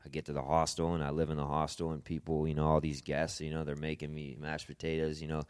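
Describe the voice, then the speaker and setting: Deep-voiced young man telling a hard story. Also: completely flat delivery, smooth, dry recording. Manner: halting, repeats words, swears casually. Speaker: podcast guest. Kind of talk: personal storytelling.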